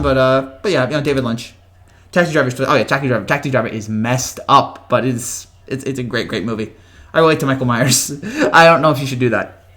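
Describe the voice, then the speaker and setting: Rambling man chatting at home, slightly high. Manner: rambling, with frequent restarts and chuckles; talks quietly to avoid waking family. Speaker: host. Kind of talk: casual live chat answering viewer comments.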